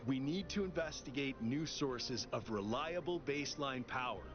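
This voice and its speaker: A man's voice: mid-range voice, animated, normal speed, lightly acted. A man voicing an earnest young male android activist in a video game, with a laid-back, surfer-like way of talking as he gathers petition signatures. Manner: earnest, persuasive. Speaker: petition-gathering transit worker. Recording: dull audio under game music.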